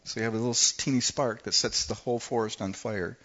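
A man's voice: mid-range voice, fairly even intonation, a bit bright, muffled recording. Man preaching a storytelling sermon. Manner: conversational, storytelling with dramatic pauses. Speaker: pastor.

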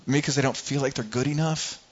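A middle-aged man delivers a sermon in a conversational way, stumbling over and repeating words as he goes. His voice sits at a mid pitch for a man. The recording is a bit dull and lo-fi. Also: a little fast. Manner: conversational preaching, acts out everyday people, frequent repeats. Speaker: pastor.

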